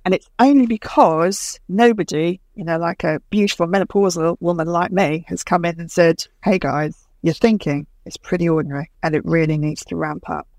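A woman's voice: on the low side, moderate pace, few pauses, a little mellow, no room sound. A woman in her fifties, a television producer and speaker, talking in an interview, emphatic and storytelling, acting out quoted dialogue. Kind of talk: conversational interview.

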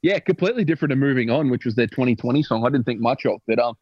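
A man's voice: mid-range voice, expressive, rapid-fire, husky, no room sound, highs cut off. A young Australian man co-hosting a casual music podcast, chatty and teasing, running through band release news. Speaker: podcast co-host.

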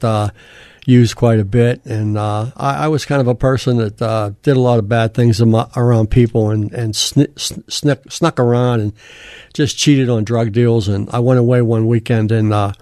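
An older man telling his life story as a podcast guest, plain-spoken and halting, with frequent fillers and restarts. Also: mid-range voice, darkish tone, dry recording, studio quality. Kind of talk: personal testimony in casual talk.

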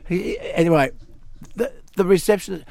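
An Australian man hosting a talk radio show, telling a story with lively acted quotes in a studio. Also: sits high, normal speed, vocal fry, dry recording. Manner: animated storyteller, acts out quotes. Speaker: radio host.

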